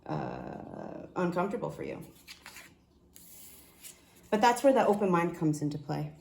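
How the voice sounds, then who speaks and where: A woman giving a casual tarot reading, excitable and profane, often restarting her sentences. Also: lowish voice, a little slow, echoey room. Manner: excitable, swears, laughs, trails off and restarts. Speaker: tarot reader.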